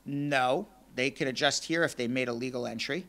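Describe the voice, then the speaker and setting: A hoarse man losing his voice, hosting a live call-in radio show and giving legal advice step by step in a fast, energetic way. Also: medium pitch. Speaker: immigration lawyer and radio show host.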